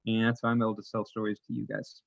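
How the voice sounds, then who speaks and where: A man telling a folktale to a congregation in an animated, folksy way, with casual asides. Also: fairly low pitch, quick pace, vocal fry, no room sound, muffled recording. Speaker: worship leader telling a story.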